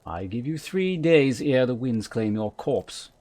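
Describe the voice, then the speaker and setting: A man voicing a sneering male knight recruiter, reading game dialogue aloud in an attempted rough British accent. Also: mid-range voice, lively intonation, unhurried, mellow, close to an everyday voice.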